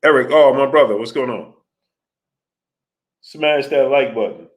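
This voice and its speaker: A man's voice: medium pitch, measured pace. A man hosting a casual livestream, reading out viewers' comments in a slangy manner and calling them "brother". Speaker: livestream host. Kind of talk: casual live-stream chat.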